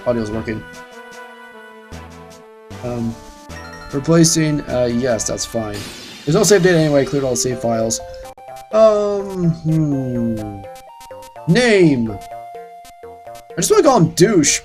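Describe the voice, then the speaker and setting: A man's voice: mid-range voice, unhurried, pauses often, darkish tone, faint music behind. A man hosting a let's-play, giving sarcastic, ranting commentary with casual swearing. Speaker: gaming channel host.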